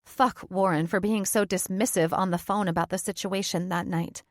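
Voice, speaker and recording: A woman's voice: medium pitch, fairly even intonation, moderate pace, no room sound, clean studio sound. Woman narrating a first-person audiobook.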